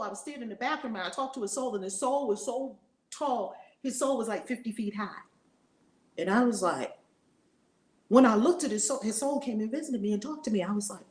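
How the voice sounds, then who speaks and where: Swearing freely in a casual way, this middle-aged woman delivers a fervent spiritual talk as a teacher, repeating herself and shifting between loud proclamations and quiet asides. She speaks at a medium pitch in a roomy-sounding space.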